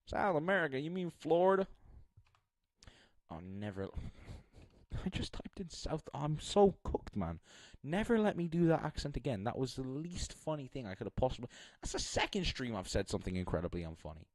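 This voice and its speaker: A man's voice: mid-range voice, sing-song, a little fast, few pauses, a little mellow, dry recording. A young man streaming live, thinking aloud in a rambling, casual way and poking fun at himself.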